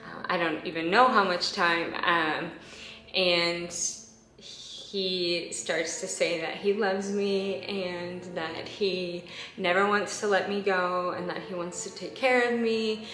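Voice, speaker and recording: A woman's voice: lowish voice, steady tone, slow pace, sharp tone. Chatty young woman in an echoey room. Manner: chatty and emotional, laughing often, lots of fillers. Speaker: vlogger. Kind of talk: casual storytelling to camera.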